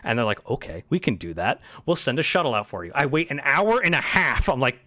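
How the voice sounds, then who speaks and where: A man's voice: medium pitch, sing-song, a little fast, sharp tone. A young man in casual chat, ranting through a story with swearing and acting out both sides of the exchanges. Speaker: streamer telling a travel story.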